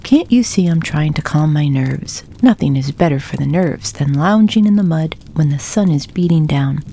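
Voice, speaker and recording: A woman's voice: deep voice, lively intonation, moderate pace, warm tone. A woman doing a lazy, nervous storybook pig. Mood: grumbling.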